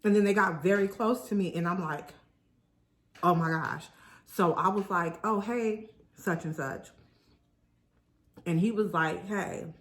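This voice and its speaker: A young woman vlogger chatting casually to viewers while eating, telling a story in an animated way. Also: lowish voice, measured pace, long pauses. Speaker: mukbang vlogger.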